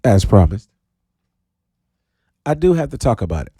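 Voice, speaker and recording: A man hosting his own radio talk show, talking in a playful, animated way with sudden high drawn-out calls. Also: slightly rough, no room sound, studio quality. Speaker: radio DJ host. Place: radio studio.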